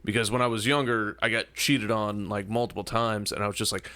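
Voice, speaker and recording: Bright-voiced man cracking jokes. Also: on the low side, little pitch movement, brisk, clean tone. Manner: wisecracking. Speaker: comedian guest. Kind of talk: casual chat.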